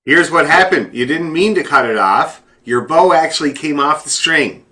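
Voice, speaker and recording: A man teaching fiddle one-on-one, relaxed and encouraging, often repeating his praise. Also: on the high side, normal speed. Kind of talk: one-on-one music lesson. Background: fiddle playing.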